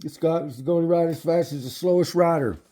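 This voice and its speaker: A man's voice: on the high side, a little fast, warm tone. A man in his fifties talking casually to camera about his e-bike, rambling and swearing often, with frequent restarts. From United States. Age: 50s. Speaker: e-bike vlogger. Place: at home near his bikes.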